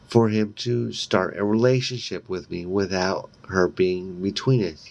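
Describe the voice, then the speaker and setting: A man reads a horror novel aloud, taking his time over every line and dropping in brief asides of his own. His voice is low and gravelly, with a fry at the ends of phrases. He reads at a slow, deliberate pace. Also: lo-fi sound. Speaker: reader.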